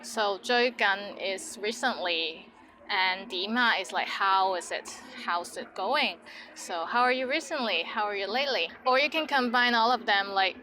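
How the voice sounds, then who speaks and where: A woman's voice: mid-range voice, unhurried, bright, forceful tone, a little hiss or hum. A woman giving a bilingual language lesson, upbeat and demonstrative, modeling phrases with playful intonation. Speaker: language teacher.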